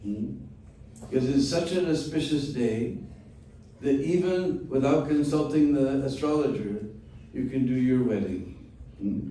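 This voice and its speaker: A man teaching a storytelling class at an unhurried pace, often checking in with "hmm?". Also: medium pitch, mellow, slight background noise. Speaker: spiritual teacher. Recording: echoey room from far off.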